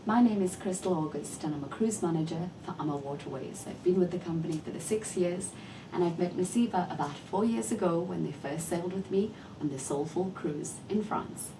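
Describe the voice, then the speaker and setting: Woman cruise manager, polite and well-spoken, lowish voice, far from mic, noisy rumble behind. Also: fairly quick. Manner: polite and articulate, explains at length. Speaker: cruise manager, interview guest. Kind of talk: interview. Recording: distant mic with clear background noise.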